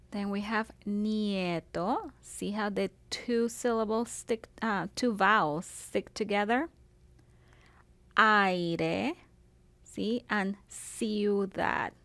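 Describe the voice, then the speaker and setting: A woman's voice: medium pitch, a bit bright, no room sound. A woman teaching a Spanish class on video, explaining grammar in a patient way and checking in with "okay" and "see".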